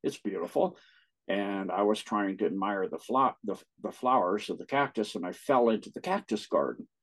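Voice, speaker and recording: A man, an interview guest, telling personal stories in casual talk, with a husky voice and frequent laughs. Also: lowish voice, normal speed, fairly bright tone, low-quality recording. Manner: laughs often while recounting.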